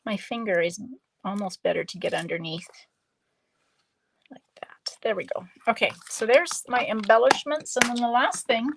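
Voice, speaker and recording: A woman demonstrating card-making on a live stream, chatting slowly and thinking aloud as she works. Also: a little high, gravelly, a bit bright, slight background noise. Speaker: stamping demonstrator.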